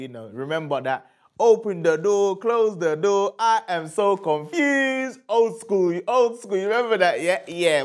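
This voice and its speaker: An actor playing a brash, boastful young grime rapper, talking in street slang in a comedy mockumentary. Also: male voice, a little high, close to an everyday voice. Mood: hyped. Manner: hyped, shouty, full of street slang.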